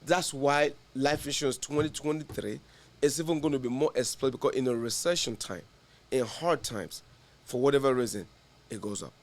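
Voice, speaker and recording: A man's voice: mid-range voice, normal speed. A man, an insurance agent, telling stories in casual podcast conversation and laughing through his punchlines.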